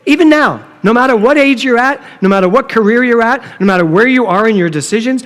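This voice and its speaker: A middle-aged man preaching a sermon, telling a humorous story and acting out the dialogue in a playful, animated way. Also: very high voice, a little fast, few pauses. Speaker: minister. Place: church sanctuary. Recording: long reverb of a hall.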